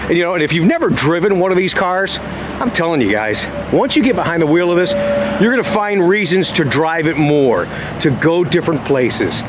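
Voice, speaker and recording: A man's voice: fairly high pitch, sing-song, brisk, background noise. A middle-aged man hosting a car sales vlog, chatting casually to viewers and acting out customers' lines as he tells stories. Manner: chatty storyteller, acts out callers' voices. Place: outdoors at a dealership lot.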